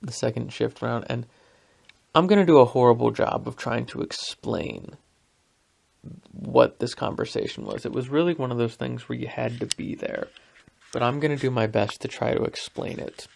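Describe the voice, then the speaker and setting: Rambling through a self-deprecating story full of fillers, a young podcast host delivers a casual monologue. He speaks at a moderate pace in a mid-range voice that is a little mellow, with vocal fry.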